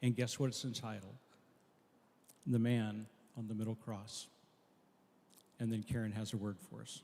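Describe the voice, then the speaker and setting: A man's voice: fairly low pitch, level tone, moderate pace, gravelly. Earnest male pastor in an echoing hall. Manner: earnest storytelling, voice dropping soft at key lines. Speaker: pastor at a memorial service. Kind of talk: memorial sermon. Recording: long echo of a large hall.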